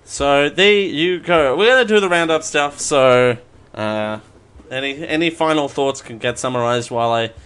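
A man's voice: a little high, moderate pace, fairly bright tone, smooth. A man hosting a live question show, rambling and self-mocking, laughing at his own jokes. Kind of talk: live stream Q&A.

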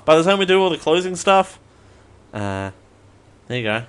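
A man's voice: fairly high pitch, big pitch swings, moderate pace, smooth. A man hosting a live question show, rambling and self-mocking, laughing at his own jokes. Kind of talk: live stream Q&A.

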